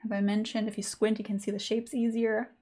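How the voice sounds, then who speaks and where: A woman's voice: mid-range voice, little pitch movement, fairly quick, mellow. Woman art teacher, chatty and informal, lots of um and like, live sketch class. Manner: chatty, informal, many fillers. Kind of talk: live online drawing lesson.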